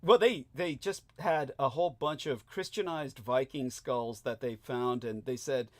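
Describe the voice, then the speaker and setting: A man hosting a talk show in casual chat, animated and stammering, with frequent laughing asides. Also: mid-range voice, measured pace. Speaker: show host.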